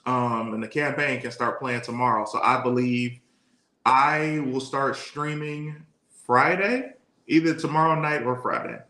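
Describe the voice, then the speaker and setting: A man's voice: mid-range voice, measured pace, sharp tone. A man from Detroit co-hosting a casual live-streamed podcast, easygoing and rambling as he tells stories. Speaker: podcast co-host. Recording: echoey room.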